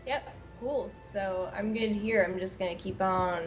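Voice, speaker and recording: A woman playing a tabletop game, excitable and giggly, firing off quick questions. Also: medium pitch, muffled recording, over music. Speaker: player. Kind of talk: casual tabletop play.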